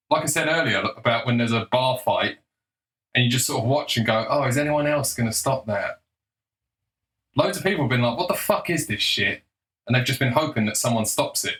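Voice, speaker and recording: A man's voice: mid-range voice, fairly bright tone, low-quality recording. A young man giving a blunt, combative, sarcastic opinion monologue, swearing freely. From England. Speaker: political commentator.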